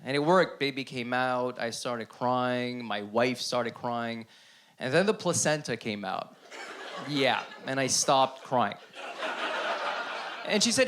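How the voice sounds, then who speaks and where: A man doing stand-up on a club stage, his voice sitting a little high and turning animated as he acts out the people in his stories. He talks into a handheld stage mic, and the live room carries clear audience noise under him. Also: unhurried, pauses often. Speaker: stand-up comedian. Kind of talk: stand-up comedy set.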